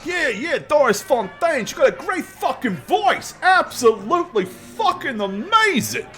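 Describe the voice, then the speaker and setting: A loud brash New York guy. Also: extremely high pitch, very animated, a little slow, faint music behind, voice pushed up, exaggerated voice. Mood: boisterous. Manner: brash, boisterous. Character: loud crude aging New York man.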